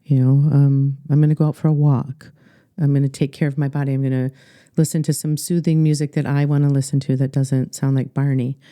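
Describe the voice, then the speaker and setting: A middle-aged woman with an Upper Midwest American accent, a life coach telling her story earnestly in a podcast interview, halting with many fillers. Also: very deep voice, flat delivery, mellow, no echo, clean studio sound.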